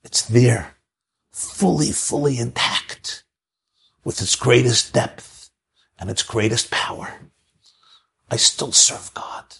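Gravelly emphatic male preacher. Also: mid-range voice, steady tone, slow, long pauses, fairly bright tone. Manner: emphatic, piles up repeated phrases. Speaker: spiritual teacher. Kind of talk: sermon storytelling.

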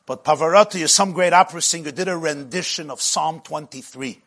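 A man's voice: fairly high pitch, brisk, a bit bright. A middle-aged man giving a spiritual lecture as a Jewish teacher, with rhythmic, repetitive phrasing that often builds with passion.

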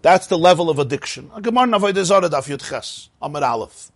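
A man with a somewhat high, husky voice teaches a Talmud class. His pitch swings widely as he tells the story, breaking into laughing asides and mixing Hebrew and Yiddish terms into his English. The sound is dry and close. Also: expressive, fast talker, no echo. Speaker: Torah teacher.

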